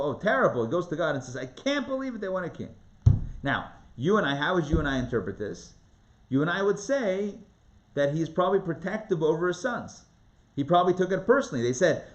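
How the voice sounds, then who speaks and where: A man teaching a live Torah class, reading scripture aloud and acting out the voices in an animated, conversational way. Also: a little high. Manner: animated, dramatizes the text with rising voice and quick asides. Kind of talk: lively live online Torah lesson.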